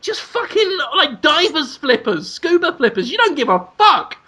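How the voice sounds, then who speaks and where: A man's voice: extremely high pitch, very animated, normal speed, sharp tone. A man, co-hosting a comedy podcast and spinning a rambling, crude, absurd story. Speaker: podcast co-host.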